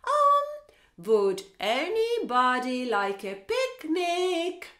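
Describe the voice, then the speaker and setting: Storybook bear, male, gentle and grumbly: slow, low, breathy half-whisper from a woman reading aloud, in an echoey room. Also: wildly swooping pitch, exaggerated voice. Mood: hopeful.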